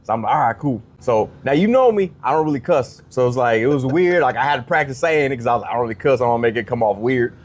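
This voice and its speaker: Fast and with few pauses, a man with a medium-pitched voice, a comedian guesting on a podcast, tells a casual story. He animatedly performs the quoted dialogue of others in altered voices.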